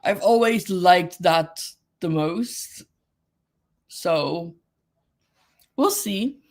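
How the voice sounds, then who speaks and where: A woman's voice: fairly low pitch, drawn-out words. A woman hosting a casual livestream, chatting with viewers, giggling often and greeting people by name. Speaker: livestream host.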